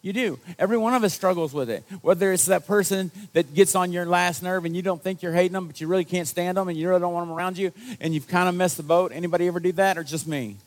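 Man, pastor, sermon, gravelly voice, somewhat high pitch, casual self-mocking delivery. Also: fast, few pauses. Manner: conversational, self-deprecating storytelling. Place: church service.

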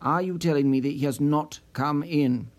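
A man voicing a brusque, insistent man who demands answers, in a lower, firmer voice than his own. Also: normal speed, lightly acted. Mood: urgent. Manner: forceful, insistent.

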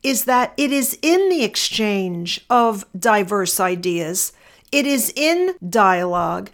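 A middle-aged woman attorney telling a personal story and reflecting on it in a measured, deliberate way. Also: medium pitch, sing-song. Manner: measured, deliberate, slowing for emphasis.

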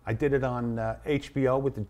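A man in his sixties, a comedian guest telling stories in an animated way and acting out his bits. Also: medium pitch, brisk. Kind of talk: casual storytelling.

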